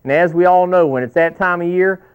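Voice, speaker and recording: A man's voice: high voice, brisk, clear, resonant tone. A man hosting an instructional video, presenting in a folksy scripted way and calling himself a cowboy. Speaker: video host. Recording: tinny, phone-like old VHS sound.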